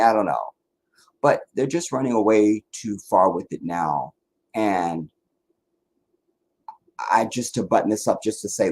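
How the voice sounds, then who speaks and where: A man hosting a live stream, talking bluntly and profanely in a casual monologue, dropping to a low mutter and rising to loud mockery. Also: breathy edge, rough recording. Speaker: livestream host.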